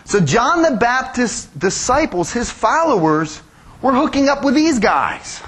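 A man preaching a sermon as pastor, animated, acting out quoted voices and making joking asides. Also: very high voice, moderate pace, slightly rough.

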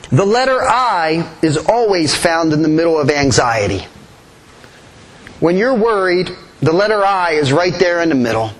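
High-voiced man preaching earnestly. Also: husky, rough recording. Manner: earnest preaching, repeats key phrases. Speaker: pastor. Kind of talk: sermon.

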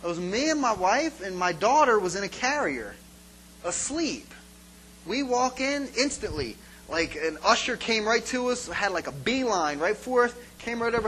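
A man's voice: high-pitched, moderate pace, slight background noise, low-quality recording. A man giving an informal sermon as a pastor, telling stories and acting out scenes for his congregation. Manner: animated storytelling, acts out scenes.

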